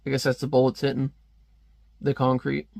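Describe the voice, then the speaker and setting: A man talking through a comic in casual, offhand commentary, wandering between thoughts and leaning on plenty of fillers. His voice sits at an ordinary middle pitch. The recording is dry and close, with no reverb. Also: monotone, moderate pace, gravelly, darkish tone. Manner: rambling, offhand, with frequent fillers. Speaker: comic reviewer.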